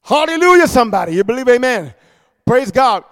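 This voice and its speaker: A man preaching a sermon, reading scripture and breaking into animated, shouted call-and-response. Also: very high-pitched, fairly quick.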